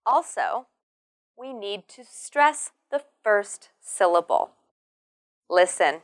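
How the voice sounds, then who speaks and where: Giving a slow, clearly articulated pronunciation lesson, an English teacher speaks in a bright, medium-pitched voice with animation. She models each word carefully and stretches it out.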